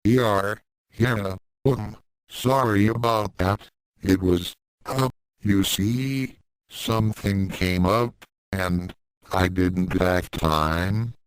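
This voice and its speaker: Meek, stammering teenage boy, voiced by a male storyteller, low and unhurried. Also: clear, resonant tone, no room sound. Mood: nervous. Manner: hesitant, stammering with fillers.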